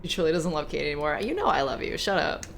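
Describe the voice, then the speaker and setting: A woman streamer giving casual, animated commentary while playing a horror game, swearing, laughing and chatting with viewers. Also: deep voice, fast talker, creaky, a little hiss or hum.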